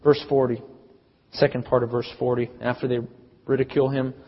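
A man preaching a sermon, telling the story dramatically with big swings in loudness. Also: mid-range voice, little pitch movement, a little fast, slightly rough. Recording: dull sound with long reverb.

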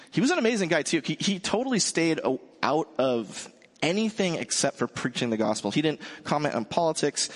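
A man preaching a sermon in a relaxed, conversational way, joking with his congregation. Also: medium pitch, big-room sound. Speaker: pastor.

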